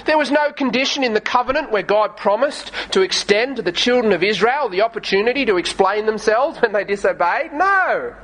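High-voiced earnest male preacher. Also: expressive, a bit bright, rough recording. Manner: reads scripture in archaic wording, slows for emphasis. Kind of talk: sermon with scripture reading.

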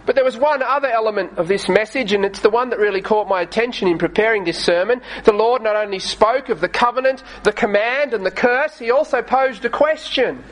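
A man preaching a sermon, reading scripture aloud and slowing down to stress key phrases in an earnest, pleading way. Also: high voice, poor audio. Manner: reads scripture in archaic wording, slows for emphasis.

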